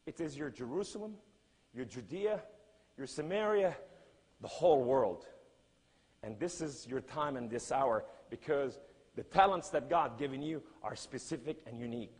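A man preaching a sermon and telling a story in emphatic, non-native English, swinging between loud cries and hushed lines. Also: medium pitch, animated, normal speed, slightly rough, long reverb tail.

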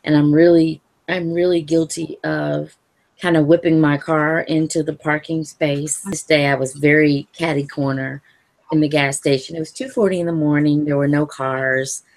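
Woman, very low voice, gravelly, calm, measured, interview account. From Louisville area, Kentucky. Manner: calm, measured storytelling with soft laughs.

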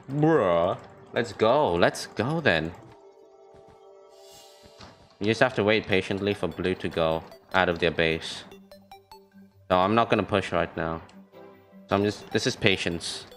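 A young man streaming a video game, chattering on with low-pitched, unhurried commentary. He gets excitable and trash-talks, repeating phrases, while faint music plays behind him.

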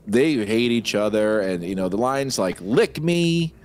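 A man's voice: fairly low pitch, normal speed, a little mellow. A man co-hosting a film podcast in a joking, crude way, laughing often. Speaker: podcast co-host. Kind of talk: casual film chat. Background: faint synth music.

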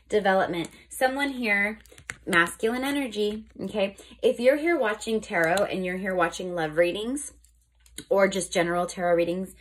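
A woman with a husky, somewhat low voice hosts a casual tarot reading. She talks in a loose, chatty way, stopping to check in with her viewers and correcting herself mid-thought. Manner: chatty, says "okay?" often, restarts and corrects herself. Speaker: tarot reader.

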